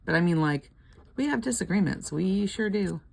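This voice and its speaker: A woman's voice: mid-range voice, animated, moderate pace, vocal fry, a little mellow, dry recording. An older woman chatting casually at home while scratching lottery tickets, rambling, laughing often and murmuring letters half under her breath.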